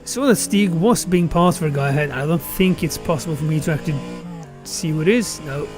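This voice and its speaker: A man's voice: fairly high pitch, fairly quick, a little mellow, faint music behind. A man giving casual live commentary on a sim racing qualifying session, thinking aloud and correcting himself as he goes.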